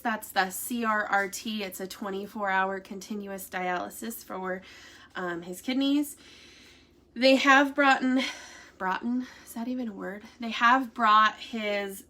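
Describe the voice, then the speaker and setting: A woman's voice: mid-range voice, bright, forceful tone. A woman vlogging to her viewers in a casual, rambling way, with many fillers and restarts. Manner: laughs while telling a story. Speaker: vlogger giving family updates.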